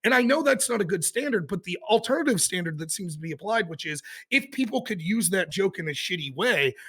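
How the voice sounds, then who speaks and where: A man's voice: sits high, lively intonation, a little fast, a bit bright, breathy edge. A man arguing his point loosely in a casual online debate, with some swearing. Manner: loose, profane, argumentative. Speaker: debate participant.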